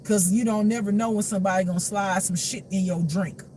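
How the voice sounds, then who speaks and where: Man, high voice, casual spiritual talk, lively, swearing, preachy, faint background hum. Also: brisk. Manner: animated, laughs often, swears freely; preachy, addresses the audience directly. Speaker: intuitive spiritual reader.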